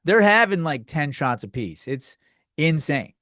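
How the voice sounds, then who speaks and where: A man's voice: on the high side, big pitch swings, unhurried, bright, forceful tone, dry recording, clean studio sound. A man hosting a solo comedy podcast, ranting crudely and rambling, acting out the people in his stories. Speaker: podcast host.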